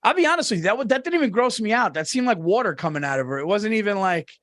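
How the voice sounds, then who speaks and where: A man co-hosting a casual podcast, his voice sitting notably high for a man. He tells long, rambling stories, laughing through them and swearing freely. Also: big pitch swings, rapid-fire, fairly bright tone. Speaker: podcast co-host. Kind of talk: casual chat.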